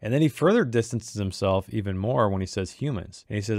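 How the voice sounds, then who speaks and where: A man's voice: on the low side, expressive, brisk, a little mellow, no room sound, studio quality. A man talking casually about a short story he wrote, thinking aloud with many restarts. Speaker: author discussing his own short story. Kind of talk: casual commentary on his writing.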